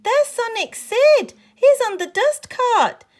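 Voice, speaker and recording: A woman voicing a young girl whose toy robot was taken, speaking high and emotionally. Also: animated, slow pace, sharp tone, full character voice. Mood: excited.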